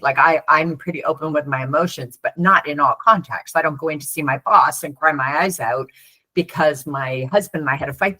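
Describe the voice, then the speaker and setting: Woman, middle-aged, parent coach, lively storyteller, slightly low voice. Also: husky. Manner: animated storyteller who acts out children's and parents' voices. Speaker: guest, parent coach and former teacher. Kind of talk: conversational interview.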